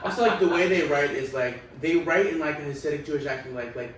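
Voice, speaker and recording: A man with a fairly high voice trades frank, crude jokes in casual podcast banter, repeating lines for effect. He is set back from the microphone in a very echoey room with light noise. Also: quick pace, a bit bright, recorded from a distance. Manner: frank, joking, repeats himself. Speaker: podcast co-host.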